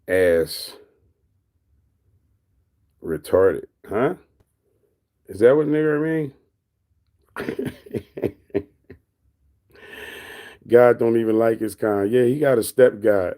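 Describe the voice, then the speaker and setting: A man's voice: lowish voice, extremely slow, pauses often, dark tone. A man on a casual livestream, reading and answering his chat in a teasing, mocking way, laughing often.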